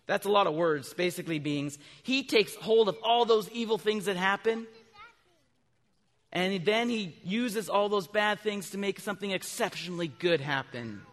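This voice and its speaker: A male preacher with a notably high voice gives a children's sermon in a big reverberant church. He keeps asking his listeners questions and answering them himself. Now and then his voice jumps to loud, animated emphasis. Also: moderate pace. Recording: long reverb from a large hall.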